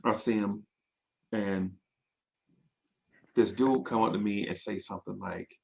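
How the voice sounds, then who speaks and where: A man telling personal stories in casual chat, animated and full of fillers and asides. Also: mid-range voice, unhurried, long pauses.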